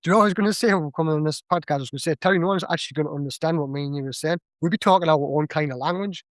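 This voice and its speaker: A young man with a Northeast English accent talks as a podcast guest, rattling along quickly in a chatty, animated way. His voice sits a little high and the sound is dry and close. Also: dry recording. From Northeast England. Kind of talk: casual chat.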